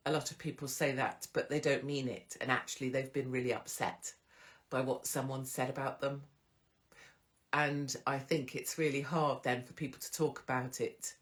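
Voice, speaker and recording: Frank, chatty woman host. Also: rumbling low. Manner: frank and chatty, with swearing and mock voices of others. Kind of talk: casual advice monologue.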